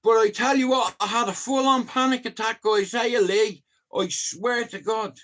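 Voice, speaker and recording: A Dublin Irish man chatting casually on a live stream, telling animated stories and swearing freely. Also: extremely high pitch, moderate pace.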